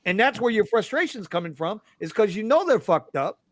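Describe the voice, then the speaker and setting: Brief: male host, a bit higher-pitched, blunt and salty. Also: very animated, fairly quick, no echo, clean studio sound. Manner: blunt, profane, fired up. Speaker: podcast host. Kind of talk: casual podcast chat.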